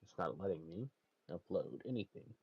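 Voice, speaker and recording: A man's voice: sits low, animated, normal speed, husky, lo-fi sound. A man streaming in casual chat, narrating what he is doing and laughing often between remarks.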